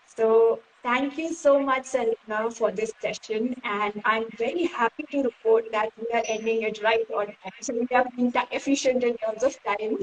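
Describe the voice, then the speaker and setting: A woman hosting a live-streamed phone interview, courteous and appreciative. Her voice sits a bit high for a woman. She strings her thoughts together with frequent filler words. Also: fairly even intonation, normal speed, a little hiss or hum, low-quality recording. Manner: polite, thankful, many "you know" fillers. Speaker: interview host. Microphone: phone on a live video stream.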